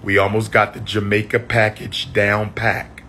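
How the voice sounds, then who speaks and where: Man, slightly low voice, going hoarse, repeats shout-outs to viewers, faint background hiss. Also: level tone, measured pace. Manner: repetitive, call-and-response shout-outs to viewers. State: losing his voice. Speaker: livestream host. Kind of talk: casual livestream chat.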